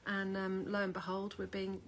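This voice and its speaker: A woman's voice: mid-range voice, completely flat delivery, moderate pace, a bit bright, a little hiss or hum. Chatty woman rambling at home. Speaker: vlogger. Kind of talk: casual chat to camera.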